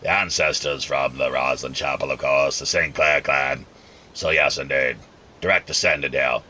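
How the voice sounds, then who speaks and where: A very deep, bright-edged pirate captain, played by a man who co-hosts the show, with a robotic, flat sound. He welcomes a guest in formal, gracious phrasing. The line is dull and lo-fi. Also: moderate pace, a little hiss or hum, heavily acted. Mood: hearty. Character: hard-drinking male pirate captain, show persona. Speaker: co-host.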